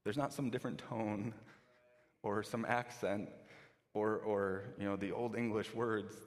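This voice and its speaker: A man's voice: fairly low pitch, steady tone, a little slow, big-room sound. A pastor giving a conversational sermon, often restarting his sentences.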